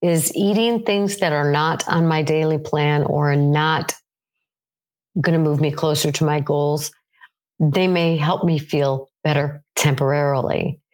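Low-pitched middle-aged woman, earnest coach, self-questioning teaching talk. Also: steady tone, a little slow, a little mellow. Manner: earnest, asks herself questions aloud.

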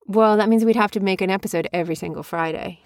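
A woman, a mother co-hosting a casual family podcast and gently teasing her child. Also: mid-range voice, fast talker, no room sound, clean studio sound. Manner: teasing, affectionate, chatty.

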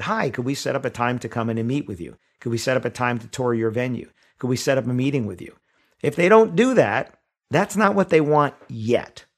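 A man's voice: medium pitch, vocal fry. A man giving an instructional talk on wedding sales, explaining in a conversational way with examples and asides.

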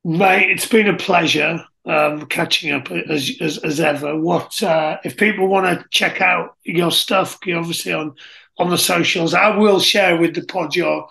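Gravelly bright-voiced host. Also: male voice, fairly high pitch, fairly even intonation, a little slow. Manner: friendly, laughs easily, asks rambling questions. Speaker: podcast host. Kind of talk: casual interview chat.

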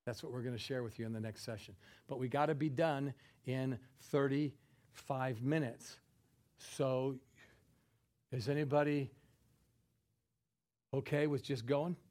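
A man preaching a sermon, chatting with the congregation in asides and building to emphatic, forceful passages. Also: mid-range voice, steady tone, unhurried, pauses often.

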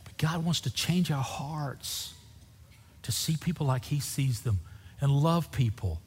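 A pastor telling a personal story in a sermon, acting out the dialogue with lively storytelling. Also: male voice, on the high side, a little slow, slightly rough, in a large hall.

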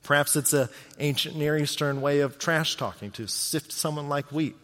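A man's voice: a little high, moderate pace, fairly bright tone, big-room sound. A man preaching a sermon as pastor, talking in a conversational way and often asking his listeners rhetorical questions.

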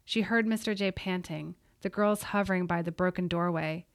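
A woman reading a story aloud in a steady, suspenseful voice. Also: on the low side, moderate pace, dry recording, clean studio sound. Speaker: audiobook narrator. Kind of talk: scripted narration.

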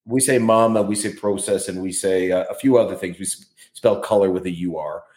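A man from Canada, a guest author, chatting casually on a podcast and telling stories with quick impressions. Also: low voice, crowd noise. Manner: chatty storyteller, mimics voices in anecdotes. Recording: roomy echo.

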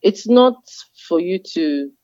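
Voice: medium pitch, lively intonation, takes it slowly, darkish tone, no room sound. A guest speaker in an interview, explaining in a patient, teacherly way and repeating key phrases. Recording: dull, dry lo-fi sound.

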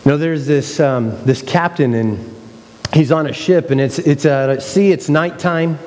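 Male pastor, conversational sermon delivery, slightly raised pitch. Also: measured pace, a little mellow, in a large hall. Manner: conversational preaching with playful mock quotes.

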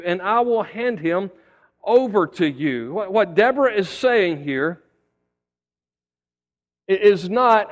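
A pastor preaching in a fairly high voice, his words trailing off into the long reverb of a church hall. He tells his stories in a folksy way, often repeating a word as he goes. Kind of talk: sermon.

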